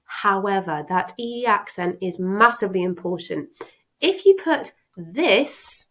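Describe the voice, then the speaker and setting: A woman's voice: mid-range voice, expressive, measured pace, pushed and bright, rough recording. A woman French teacher giving a chatty, reassuring exam revision lesson.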